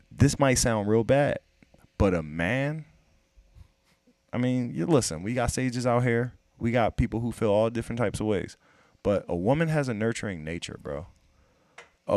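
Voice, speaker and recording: A man's voice: mid-range voice, a little mellow, dry recording, studio quality. A man in casual podcast chat, profane and emphatic, pressing his point with rhetorical questions.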